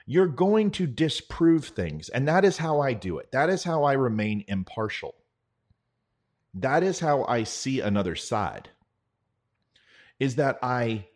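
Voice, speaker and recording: A middle-aged man talking straight to the listener in an earnest, conversational political monologue. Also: mid-range voice. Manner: earnest, conversational, with quick impressions. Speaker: political commentator. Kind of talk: direct-address monologue.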